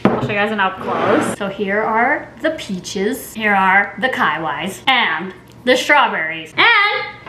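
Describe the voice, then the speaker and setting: A young woman chatting to camera in a casual vlog, giggly and dramatic with quick reactions, at home in her kitchen. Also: medium pitch, expressive, noisy background. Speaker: vlogger.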